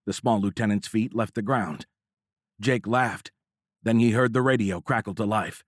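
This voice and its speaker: A man narrating a military thriller audiobook in a measured, dramatic reading, recorded close. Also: on the low side, no room sound. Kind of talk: scripted narration. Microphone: close studio mic.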